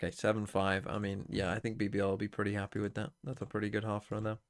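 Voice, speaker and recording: A man hosting a watch party stream, chatting casually and swearing as he reacts out loud. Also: lowish voice, monotone, fast talker. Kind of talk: casual co-stream chat over a broadcast.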